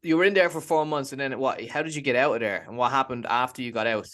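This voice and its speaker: A man hosts an interview in a mid-pitched voice, asking short, direct questions. He probes for detail without fuss. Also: quick pace, fairly bright tone.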